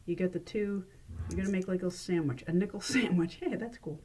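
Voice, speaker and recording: A woman's voice: lowish voice, a little fast, darkish tone, slightly rough. Chatty woman showing coin tricks. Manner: chatty and playful, laughs at her own slips. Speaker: librarian demonstrating magic tricks. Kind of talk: casual how-to demonstration. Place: library. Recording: noisy room with clicks.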